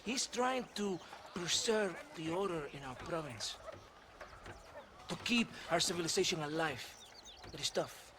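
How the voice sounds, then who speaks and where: Game: corrupt army captain, smooth, menacing drawl, slightly high. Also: male voice, lively intonation, unhurried. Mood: brooding. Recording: game audio with loud background noise.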